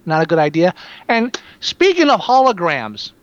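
A man chatting casually about a film, sarcastic, animated and quick to swear. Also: high voice, no echo, highs cut off. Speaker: podcast co-host reviewing a film. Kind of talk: casual profane movie chat.

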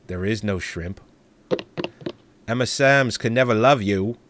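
A podcast co-host reading a short comic poem in a put-on Australian accent, slow and deadpan. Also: male voice, lowish voice, noisy background, close to an everyday voice.

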